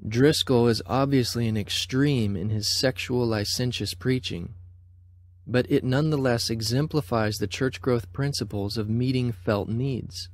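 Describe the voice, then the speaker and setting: A man narrating a scripted documentary text in a measured, even reading voice. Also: medium pitch, no room sound.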